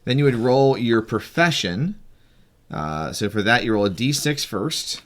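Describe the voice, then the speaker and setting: A man's voice: mid-range voice, animated, unhurried, fairly bright tone. A man acting as game master who walks a friend through making a tabletop game character, talking in a breezy, teasing way with frequent restarts. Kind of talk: casual tabletop game explanation.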